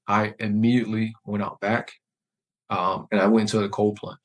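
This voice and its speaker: Guest: veteran man, low flat voice, thoughtful and halting, candid interview talk. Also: rough recording. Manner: reflective, measured, with many fillers and restarts. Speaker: podcast guest, Marine veteran.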